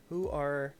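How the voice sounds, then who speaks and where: A man hosting a casual livestream, muttering quietly to himself as he concentrates on painting a miniature. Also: high-pitched, slight background noise. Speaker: host.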